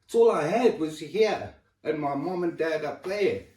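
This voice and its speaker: A man's voice: a little high, lively intonation, measured pace, darkish tone, far from the mic. A man pouring out his health struggles in an emotional, raw, sweary chat. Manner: raw, emotional and swearing, with sudden drops in level. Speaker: person sharing his health story. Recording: echoey room, voice set back from the mic.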